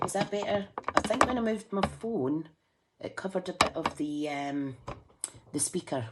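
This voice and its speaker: Low-voiced chatty Scottish woman crafting. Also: expressive, normal speed, very noisy. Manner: chatty, self-mocking, talks to viewers while working. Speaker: craft demonstrator. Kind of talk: casual live-stream craft demo.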